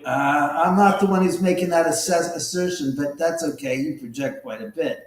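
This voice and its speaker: A man's voice: a little high, moderate pace, reverberant, poor audio. A man hosting a live stream, talking casually in a sarcastic, needling way and swearing often. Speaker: livestream host.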